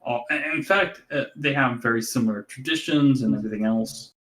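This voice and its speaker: A man's voice: medium pitch, fairly quick, fairly bright tone, low-quality recording. A man co-hosting a podcast in casual chat, explaining things in a hesitant way. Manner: hesitant, explanatory, laughs easily. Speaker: podcast co-host.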